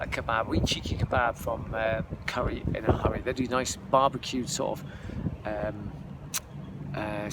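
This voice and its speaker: A man chatting casually to his viewers in a rambling vlog, calling them folks. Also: mid-range voice. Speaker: vlogger. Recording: background noise.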